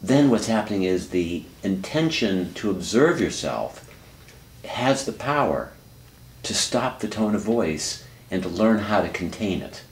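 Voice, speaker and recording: A man counseling someone in a calm, reflective, coaching way. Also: low-pitched, unhurried, reverberant. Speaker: therapist and teacher. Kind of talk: counseling dialogue.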